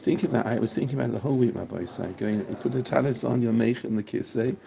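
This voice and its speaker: A man's voice: medium pitch, fast talker, gravelly, noisy background. A man teaching a Torah class in a casual, enthusiastic way, repeating phrases for emphasis. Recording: muffled recording with a crowd audible.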